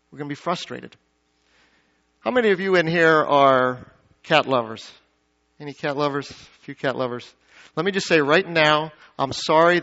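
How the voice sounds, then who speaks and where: High-voiced male pastor preaching. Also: a bit bright. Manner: dynamic preaching, rising to emphatic peaks then dropping low; addresses the congregation with questions and asides. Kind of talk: sermon. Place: church sanctuary. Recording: dull lo-fi sound.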